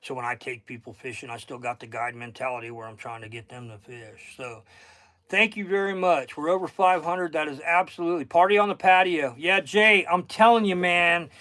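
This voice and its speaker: A man's voice: fairly high pitch, fairly quick, sharp tone, dry recording. A middle-aged man with a Southern accent, a fishing guide hosting a casual livestream, chatting in a rambling way and thanking viewers by name.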